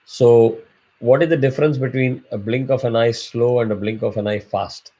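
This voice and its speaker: A man's voice: mid-range voice, steady tone, normal speed, warm tone. A man teaching a chanting class, explaining patiently and drawing out syllables as examples. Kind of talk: online class instruction.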